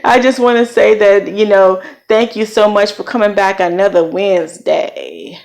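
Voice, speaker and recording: In a casual vlog, a middle-aged woman from Virginia offers encouraging, somewhat preachy parenting advice with folksy turns of phrase and a light Southern accent. Her medium-pitched voice is gravelly and animated, moving at a moderate pace.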